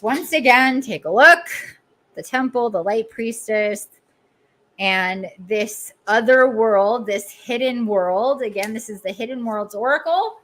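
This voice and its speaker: The recording is rough, but her slightly high, somewhat bright voice comes through as she hosts her podcast. She delivers a channeled oracle reading alongside a guided meditation, repeating phrases slowly like a chant, letting her feelings show and tossing in self-deprecating remarks.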